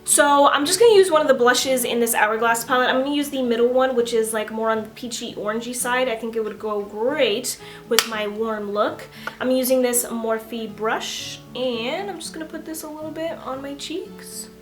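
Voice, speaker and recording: Young woman beauty vlogger, fairly high voice, chatty and giggly, faint music underneath. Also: normal speed. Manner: animated storytelling, casual and giggly. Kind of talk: chatty makeup tutorial.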